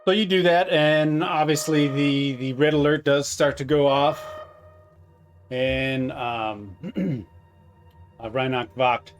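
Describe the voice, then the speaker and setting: A man narrating a tabletop role-playing game as game master, pausing often with fillers and restarts. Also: mid-range voice, soft background music. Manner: halting, with many fillers and restarts.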